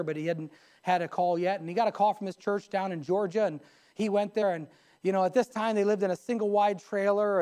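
A man's voice: sits high, a little mellow. A man preaching a sermon from the pulpit in a church, telling stories in a folksy, colloquial way. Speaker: pastor. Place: church sanctuary.

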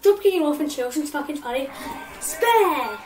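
A woman's voice: high-pitched, animated, normal speed. A woman hosting a let's play, giggly and chaotic, swearing a lot as she plays. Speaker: gaming channel host. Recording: voice far from mic, faint game music.

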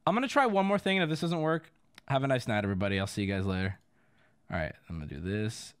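A man's voice: medium pitch, huge pitch swings, fast talker, clean tone. A young man streaming live, flustered and swearing while he fixes his audio, breaking into laughter.

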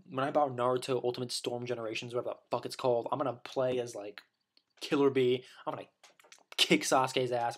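A man delivering a rambling, profane opinion rant as a vlogger, full of restarts and blunt insults. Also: mid-range voice.

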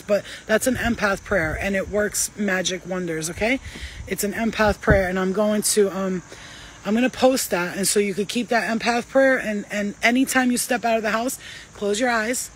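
A woman's voice: mid-range voice, moderate pace, a little hiss or hum, low-quality recording. A woman who works as a spiritual healer gives casual, emphatic advice full of slang and swearing. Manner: emphatic, profane, slangy and animated.

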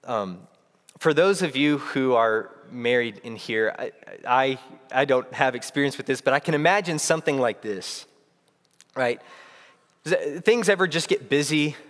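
Earnest young preacher in a reverberant hall. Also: male voice, mid-range voice, expressive, normal speed, a bit bright. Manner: earnest, reflective, with frequent restarts. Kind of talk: sermon. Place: church sanctuary. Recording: long reverb of a church hall.

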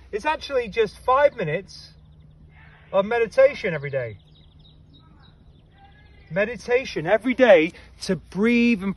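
A male head coach giving an upbeat, energetic coaching talk, quizzing listeners and calling them team. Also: high voice, no room sound. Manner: energetic, playful.

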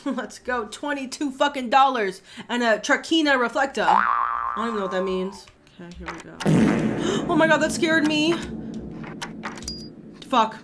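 Young woman, gaming streamer, lively swooping voice, excitable, swears a lot. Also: on the high side, noisy background. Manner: excitable, profane, talks to the chat. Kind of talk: casual gameplay commentary.

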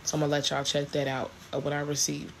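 A woman's voice: deep voice, completely flat delivery, quick pace, creaky, slight background noise. A woman, chatting casually to camera in a vlog, grateful and rambling with many restarts. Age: 40s. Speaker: vlogger.

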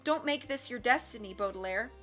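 A woman's voice: fairly high pitch, lively intonation, brisk, a bit bright, faint music behind. Woman reading a tearful pleading judge. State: crying.

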